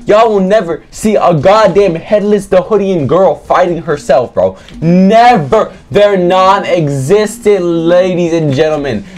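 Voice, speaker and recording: A young man giving loud, excitable live commentary on a game he is playing, joking crudely and often shouting. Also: high voice. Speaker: gaming video creator.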